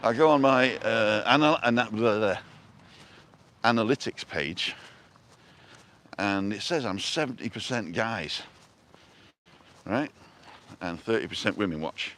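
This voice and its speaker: Expressive and unhurried, this man speaks on the low side with a fairly bright tone and long pauses. He's a vlog host on a live stream, walking outdoors through a town street and park, chatting casually and greeting viewers by name.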